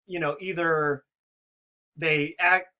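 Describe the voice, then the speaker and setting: A man's voice: on the high side, steady tone, slow pace, bright, forceful tone, clear, resonant tone. A man talking through a theory in casual spoken commentary, rambling with many restarts and fillers. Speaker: video commentator.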